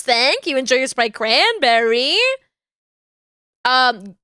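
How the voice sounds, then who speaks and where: A woman streamer in casual chat, laughing often and reading messages from chat aloud, with a naturally high voice. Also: expressive, a little slow, sharp tone, smooth, dry recording, studio quality. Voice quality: high natural register, finds low voices hard.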